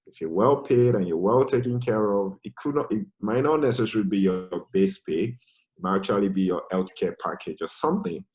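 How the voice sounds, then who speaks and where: Deep-voiced man from Nigeria presenting. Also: a little fast, low-quality recording. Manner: relaxed, conversational, frequent "you know". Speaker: guest speaker, finance project manager. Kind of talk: presentation over video call.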